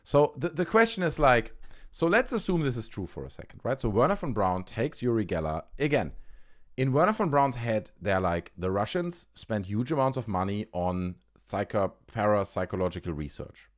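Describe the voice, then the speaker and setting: A man's voice: lowish voice, sing-song, moderate pace. A man hosting a livestream, giving casual, sarcastic commentary and swearing freely. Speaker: livestream host.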